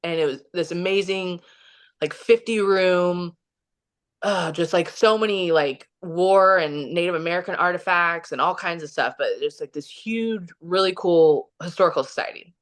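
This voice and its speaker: A woman's voice: on the low side, moderate pace. A woman, a podcast guest from Kansas City, telling a long personal story in a casual, rambling way with many fillers, acting out the quotes. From Kansas City, Missouri. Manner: rambling, filler-heavy, acts out quoted dialogue.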